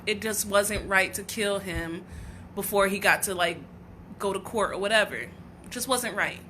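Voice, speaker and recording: Bright-voiced woman, raw and earnest. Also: medium pitch, slight background noise. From United States. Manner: earnest, raw and heartfelt, with frequent restarts. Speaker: livestream host. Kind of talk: emotional personal livestream talk.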